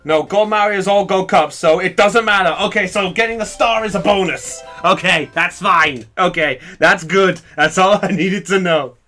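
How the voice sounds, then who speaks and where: A male game streamer giving excitable live commentary, laughing often and chatting with viewers. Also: sits high, normal speed, hardly any pauses, faint music behind.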